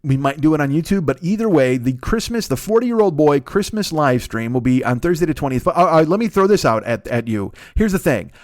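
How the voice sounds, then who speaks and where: A man's voice: fairly high pitch, big pitch swings, brisk, hardly any pauses, a little mellow, no echo, studio quality. Rambling, profane American man hosting a podcast. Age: 40s. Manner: rambling, profane, self-correcting. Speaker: comedy podcast host. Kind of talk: casual rambling monologue.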